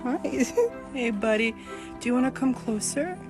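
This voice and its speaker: A woman in a played clip talks affectionately to a wild crow in slow, cooing baby talk. Her voice is high. Music plays under her words. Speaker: bird befriender in a video clip.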